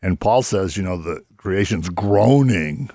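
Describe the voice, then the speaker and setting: A man's voice: sits low, lively intonation, measured pace, mellow, dry recording, studio quality. A man co-hosting a Christian radio talk show, explaining Bible passages in a rambling, conversational way and laughing easily.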